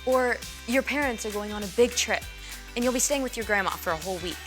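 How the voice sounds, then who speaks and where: A woman presenting a children's church lesson, explaining things in a clear, cheerful way. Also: fairly high pitch, expressive, quick pace, music in the background.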